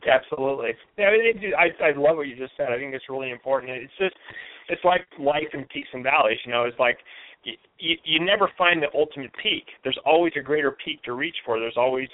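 A man's voice: medium pitch, fast, no echo. A man talking earnestly and reflectively in a conversational interview, often restarting his sentences. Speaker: guest. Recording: tinny phone-line audio, dry.

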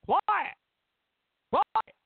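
A man doing a mocking impression of a politician yelling like a stern school principal, voice pushed high and strained. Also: drawn-out words, no echo. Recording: tinny phone-like line.

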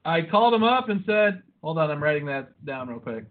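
High-voiced, profane storytelling man. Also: big pitch swings, brisk. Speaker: podcast host. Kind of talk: casual podcast banter. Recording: tinny phone-like sound.

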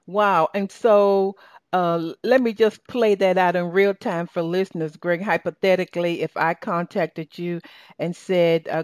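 A woman with a Southern accent hosts an interview show, warm and effusive in an inspirational tone. Her voice is close and dry, with no room sound around it. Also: lowish voice, unhurried, dry recording. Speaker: host. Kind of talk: podcast interview hosting.

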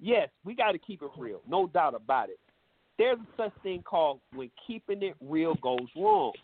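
A man's voice: a little high, very animated, moderate pace, no echo. A man hosting a radio talk show, rambling and repeating himself in profane street slang. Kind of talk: loose profane radio banter. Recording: tinny phone-line sound with faint noise.

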